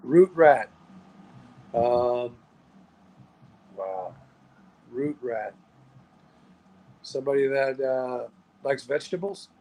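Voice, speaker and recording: A middle-aged man answers as a guest in a relaxed interview, guessing with puzzled good humor. His voice sits at an everyday middle pitch. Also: extremely slow, long pauses, rough recording. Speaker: interview guest, former wrestler. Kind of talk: casual interview.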